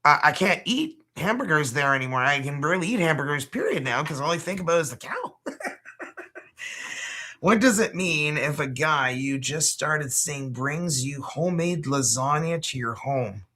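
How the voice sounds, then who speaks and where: A woman's voice: low voice, a bit bright, slightly rough. A Canadian woman hosting a casual livestream, chatty and loose, swearing and laughing as she talks. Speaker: tarot reader hosting a livestream.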